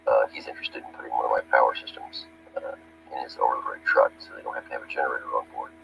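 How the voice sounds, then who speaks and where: A man's voice: a bass voice, flat delivery, very fast, gravelly, noisy background. A man who worked on Army power systems, narrating over his photographs in a rambling, plainspoken way with many fillers. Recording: dull lo-fi recording with faint music.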